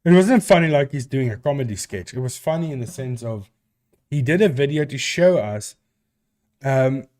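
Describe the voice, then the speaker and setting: A man's voice: medium pitch, a little mellow. A man from South Africa with a South African accent, a live stream host chatting casually and answering viewers with rambling restarts.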